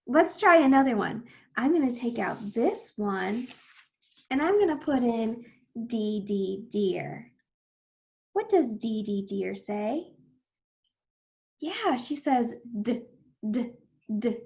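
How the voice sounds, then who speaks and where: Brief: young woman teacher, higher voice, unhurried, stretches out letter sounds for small kids, breaks into big excited praise. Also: gravelly. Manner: slow, exaggerated phonics sounds with bursts of excited praise. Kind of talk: early reading lesson for children.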